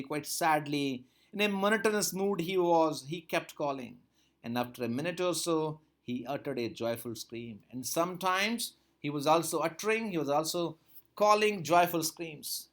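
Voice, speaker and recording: A man's voice: on the high side, moderate pace, a bit bright. A man teaching a textbook story, reading each line aloud and then repeating and explaining it. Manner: reads a line, then repeats and paraphrases it with rising emphasis. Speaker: English teacher.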